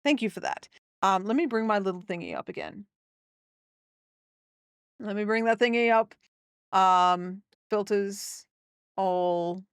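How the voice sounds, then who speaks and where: A woman's voice: medium pitch, measured pace, pauses often, clean tone, no room sound, studio quality. A young woman chatting casually with her viewers during a live gameplay stream, rambling and upbeat. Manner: chatty and rambling, talking to chat.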